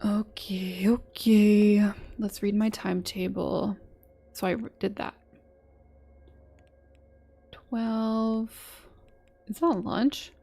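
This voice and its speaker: A woman's voice: medium pitch, fairly even intonation, drawn-out words, gravelly, pauses often, a little mellow, soft background music. A woman streaming a game, reading its dialogue aloud between chatty asides. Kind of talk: live-streamed gameplay commentary.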